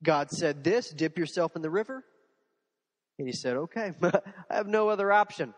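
A man preaching a sermon as a pastor, animated, with rhetorical questions and repeated phrases. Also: on the high side, moderate pace, big-room sound. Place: church sanctuary.

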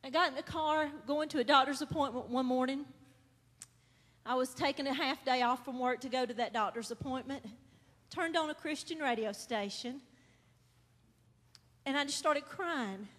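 A woman's voice: high-pitched, moderate pace, a bit bright. A woman giving an earnest church testimony that builds to fervent praise. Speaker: testimony speaker. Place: church hall. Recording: long hall reverb.

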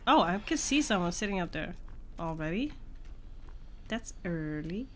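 A woman's voice: on the low side, big pitch swings, unhurried, a bit bright, a little hiss or hum. A woman streamer chatting casually while playing a video game, self-deprecating and laughing often. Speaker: gaming streamer. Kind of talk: casual gameplay commentary. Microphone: podcast microphone.

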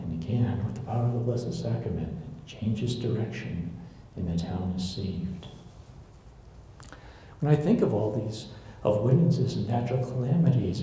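A lecturer on church history gives a live storytelling talk to a local audience, retelling stories and acting out the quoted voices. He has a medium-pitched, dark-toned voice. The room is very echoey, with faint noise.

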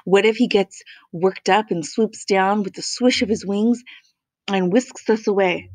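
A woman doing a bookish male woodchuck from a picture book, earnest and fretful, middle pitch, dry close recording. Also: steady tone, unhurried, darkish tone, no room sound, lightly acted. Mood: anxious. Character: well-read male woodchuck, bookish worrier.

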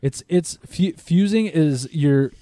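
A man's voice: on the high side, slow pace, warm tone, no echo. A man co-hosting a casual podcast, rambling through a story with laughs and restarts. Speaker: podcast co-host. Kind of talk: casual chat.

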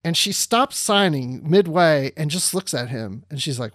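Guy cohost on a podcast, lively storytelling, acts out the quotes, dry room. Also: on the high side, normal speed, hardly any pauses, dry recording. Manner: animated anecdote teller, acts out quotes with laughter. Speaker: podcast co-host. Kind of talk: casual chat, storytelling.

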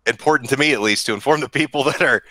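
A man hosting a casual livestream chat, talking crudely with sarcastic deadpan jokes over a buzzing desk mic. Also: mid-range voice, racing, dry recording, low-quality recording. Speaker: stream host. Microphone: desk mic with mechanical buzz.

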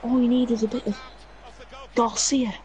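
A young man playing a co-op football game, excitable and swearing constantly. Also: very high voice, moderate pace, low-quality recording. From England. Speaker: gamer. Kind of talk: casual co-op gaming chat.

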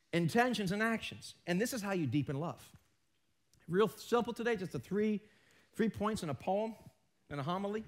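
A male pastor with a notably high voice preaches live in a church sanctuary. He slips playful self-mocking jokes in between his serious points and gestures as he talks. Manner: joking, self-mocking asides. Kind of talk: live sermon.

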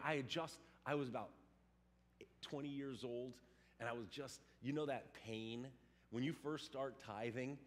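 A man preaching a sermon in a lively, animated way, acting out little scenes and voices. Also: mid-range voice. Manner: animated, acts out quotes and sounds. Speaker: pastor.

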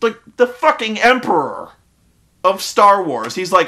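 Male vlogger, bright tone, very animated pitch, high voice, profane rant. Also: moderate pace. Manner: exasperated, profane, many restarts and impressions. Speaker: vlogger reviewing a film. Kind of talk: casual ranting review.

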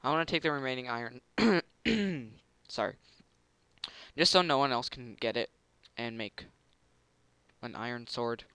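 A man's voice: medium pitch, animated, a little slow, long pauses, sharp tone, clean tone, no room sound. A man giving casual commentary over a video game, muttering to himself, humming little tunes and bursting into gloating. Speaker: gameplay commentator.

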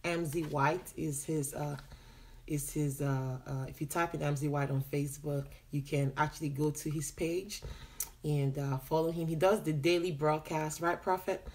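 Opening a live broadcast, a woman preacher greets her viewers by name one after another, sounding excited and laughing often. Her voice is low-pitched and her pace moderate.

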